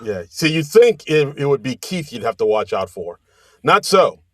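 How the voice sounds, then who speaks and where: A man's voice: medium pitch, big pitch swings, normal speed, no echo, studio quality. A man co-hosting a comedy podcast, chatting casually and joking around. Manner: jokey, puts on bad British accent. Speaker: podcast co-host.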